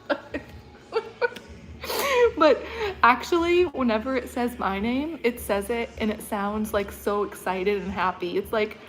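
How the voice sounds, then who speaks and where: A woman's voice: medium pitch, unhurried, rough recording. A woman vlogger chatting casually on a livestream, rambling and laughing often. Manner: mimics an announcer's voice.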